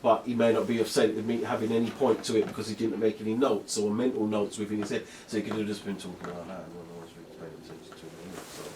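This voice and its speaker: A British man teaching a DJ and radio class, explaining in a rambling, halting way. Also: on the low side, little pitch movement, recorded from a distance, background noise. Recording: echoey classroom with faint music.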